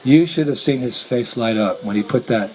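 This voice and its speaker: A man's voice: medium pitch, normal speed, a little mellow. A man, a visiting monk, telling a story to a gathering, chuckling often as he speaks. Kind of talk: storytelling talk. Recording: noisy lecture recording.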